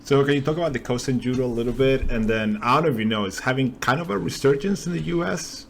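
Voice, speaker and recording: A man's voice: mid-range voice, fast, creaky, slight background noise. A man hosting a podcast, asking easygoing questions in a casual interview. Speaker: podcast host.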